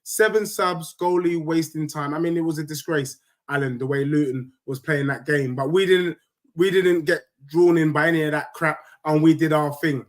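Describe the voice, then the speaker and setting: A man chatting live to viewers after a football match, in animated, slangy banter. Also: on the high side, normal speed. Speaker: football fan streamer. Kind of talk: live stream chat reacting to a match.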